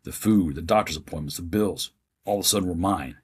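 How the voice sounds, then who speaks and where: Appearing as a guest on a podcast, a man in his fifties recounts his story in a plain-spoken, sincere manner. His voice is deep, heavily husky and raspy, and he talks a little quickly.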